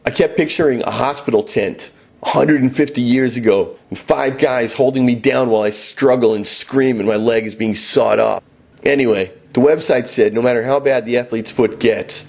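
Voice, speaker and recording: A man's voice: medium pitch, gravelly, darkish tone. A middle-aged man telling a first-person story in a wry, self-mocking and dramatic way.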